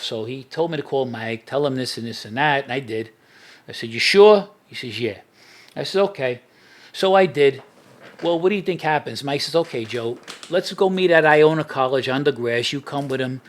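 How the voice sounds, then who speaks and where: A man's voice: medium pitch, expressive, moderate pace. A middle-aged man, a podcast guest, telling street stories in a casual interview and laughing at his own anecdotes.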